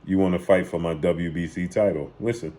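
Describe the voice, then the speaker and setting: A man's voice: deep voice, steady tone, fairly quick, heavy background noise. A man hosting a sports channel, casually retelling and commenting on boxing clips with emphatic repetition.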